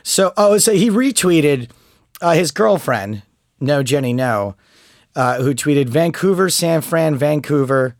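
Forties male co-host, jokey rambling banter, higher voice, dry studio sound. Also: animated, measured pace, dry recording. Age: 40s. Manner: joking, rambling, laughs at his own lines. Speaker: podcast co-host. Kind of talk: casual chat.

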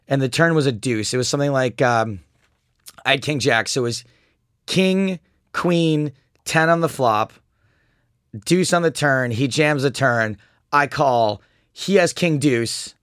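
A man's voice: mid-range voice, no echo, studio quality. A man in casual chat, telling a poker hand story with lots of fillers and restarts. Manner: animated storytelling, mocks an opponent's angry chat.

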